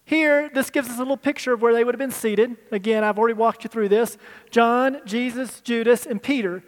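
A man's voice: very high voice, brisk. A male pastor teaching a sermon with slides, talking conversationally and asking the people in the room. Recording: long hall reverb.

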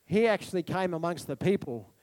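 Male pastor, high tenor, animated sermon delivery with whoops. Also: a little fast. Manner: animated preaching, sudden whoops, laughs. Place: church hall.

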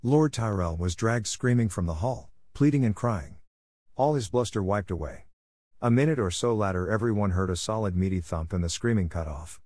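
Male narrator for fantasy audiobook; deep, measured, dry close sound. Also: lively intonation, a little mellow, no room sound.

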